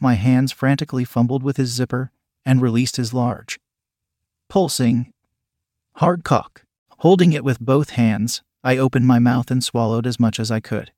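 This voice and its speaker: A man giving a steady, evenly paced first-person story narration. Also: mid-range voice, dry recording, clean studio sound.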